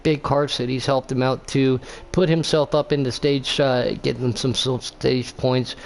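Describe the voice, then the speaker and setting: A male race commentator calling a sim racing event live. His voice sits at an ordinary middle pitch, and he wanders from the action into jokes and side stories. He leans on lots of "uh"s as he goes. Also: flat delivery, normal speed, vocal fry, slight background noise. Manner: rambling, jokey, lots of fillers.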